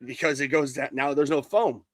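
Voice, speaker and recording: A man's voice: medium pitch, steady tone, brisk, slight background noise. A man co-hosting a live sports stream, animatedly retelling a movie scene in casual chat. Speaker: co-host.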